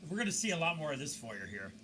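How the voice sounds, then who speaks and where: A man narrating security camera footage as a video commentator, telling the story in a lively way with mocking asides. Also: fairly high pitch, quick pace, slight background noise.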